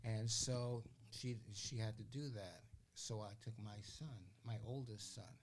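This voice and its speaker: An older man, a guest on a podcast, telling stories in a casual, animated way. He acts out the voices of the people he quotes and keeps asking "you know what I'm saying?". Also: lowish voice, a little slow, a little hiss or hum. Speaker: interview guest. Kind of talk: casual storytelling.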